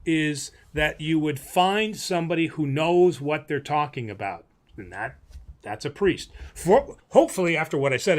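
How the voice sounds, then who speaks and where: Priest host for a live Q&A, slightly high voice, animated and preachy, wry humor. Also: male voice, normal speed. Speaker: priest host answering viewer questions. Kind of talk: live-stream Q&A chat.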